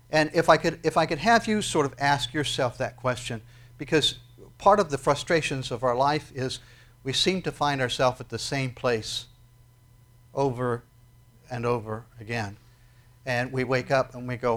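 A man's voice: medium pitch, a bit bright. A man preaching a sermon in a conversational way, often asking his listeners questions. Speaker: pastor.

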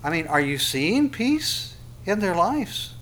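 A man preaches a sermon in a church sanctuary. His voice sits a little high, and he keeps it animated, firing off rhetorical questions and repeating short phrases to drive them home. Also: slow. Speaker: pastor.

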